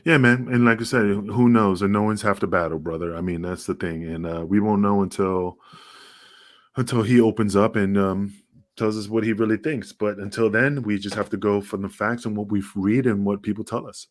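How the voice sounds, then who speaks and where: A man's voice: on the low side, steady tone, moderate pace. A man with a New York accent co-hosting a podcast, talking bluntly and rambling with plenty of swearing. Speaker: podcast co-host. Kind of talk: casual podcast chat.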